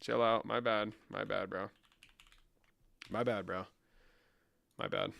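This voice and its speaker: A man's voice: on the low side, steady tone, takes it slowly, creaky, pauses often, fairly bright tone. A man rambling through a comedic vlog in a profane, mock-serious, running banter. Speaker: comedic creator. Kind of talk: comedic screen-share vlog.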